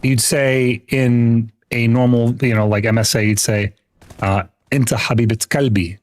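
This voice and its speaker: A young gaming livestreamer chats casually with viewers as he plays, rambling with lots of restarts and easy laughs. His voice is medium-pitched, steady, and unhurried.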